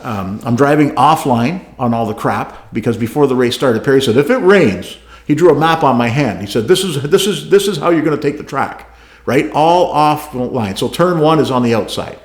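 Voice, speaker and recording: A man co-hosting a podcast, telling a racing story in a casual, animated way, acting out radio calls and laughing often. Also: medium pitch, normal speed. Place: garage studio. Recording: roomy echo.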